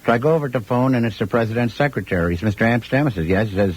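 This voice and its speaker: A male comedian guest telling a long anecdote in a relaxed raconteur's way, acting out quotes. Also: mid-range voice, very fast, slightly rough, poor audio.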